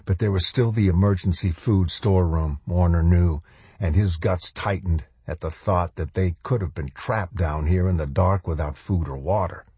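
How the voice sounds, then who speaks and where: A man narrating a novel in an audiobook with measured, even storytelling. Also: low voice, husky, no room sound.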